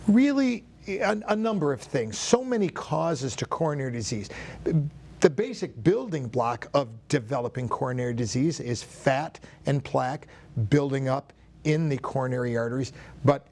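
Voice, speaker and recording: Dokter jantung pria dengan suara serak. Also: male voice, medium pitch, animated, a little mellow. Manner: measured explaining, some restarts. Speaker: cardiologist guest. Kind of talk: explanatory studio interview. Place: TV studio.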